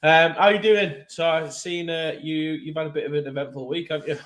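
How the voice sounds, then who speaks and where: A man's voice: a little high, fairly even intonation, brisk, fairly bright tone, low-quality recording. A man hosting a casual podcast, joking around, laughing often and swearing freely. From Manchester. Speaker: podcast host. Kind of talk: casual banter.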